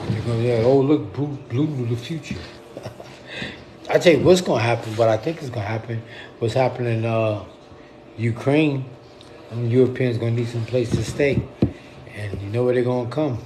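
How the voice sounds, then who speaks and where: A man's voice: medium pitch, noisy background. Blunt, profane middle-aged man ranting. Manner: blunt, profane and repetitive, speaking to viewers. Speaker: poet and livestreamer. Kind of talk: casual livestream rant.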